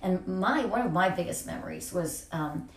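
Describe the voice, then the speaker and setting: A woman with a lowish voice recalls family memories in an easy chat, pausing and restarting as she goes. She sits back from the mic, and the room adds plenty of echo. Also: lively intonation, far from the mic, soft background music. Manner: reminiscing, halting with fillers. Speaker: family member sharing memories.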